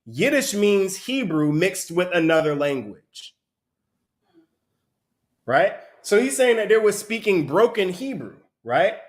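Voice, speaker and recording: A man teaching a Bible study, explaining the text in an animated way and often asking "right?". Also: high-pitched, slow pace. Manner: animated, asks rhetorical questions, repeats "right?". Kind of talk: sermon-style teaching with a reader.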